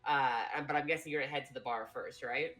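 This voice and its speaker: A woman game master narrating a tabletop session in a low voice with a bright, crisp tone. She talks loosely and rambles, with plenty of fillers, and music plays faintly behind her. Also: fast talker.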